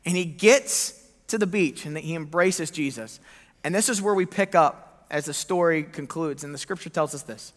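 Man, pastor, sermon, animated storyteller, high bright voice, echoey hall. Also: normal speed. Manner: animated storytelling, acting out quoted lines.

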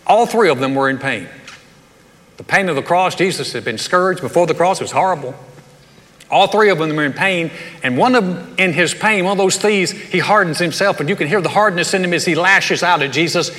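A man delivers a sermon with a bright, forceful voice that sits a little high. He tells the story casually and animatedly and slips in jokes. The recording has the long reverb of a hall. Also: fairly quick. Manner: conversational, animated storytelling with humor. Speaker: pastor.

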